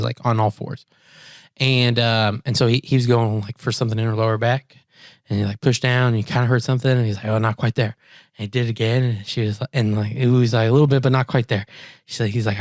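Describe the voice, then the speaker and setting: A man's voice: mid-range voice, no room sound, studio quality. A young man co-hosting a podcast in casual chat, telling rambling stories and acting out what people said. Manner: rambling animated storytelling, acting out quotes. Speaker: podcast co-host.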